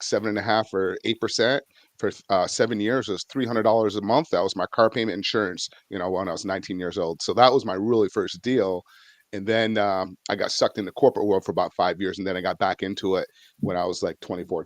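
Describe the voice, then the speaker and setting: A man's voice: fairly low pitch, no room sound. A middle-aged man from Vermont, a real estate investor guest, telling his story in a rambling way with many fillers. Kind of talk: casual storytelling interview.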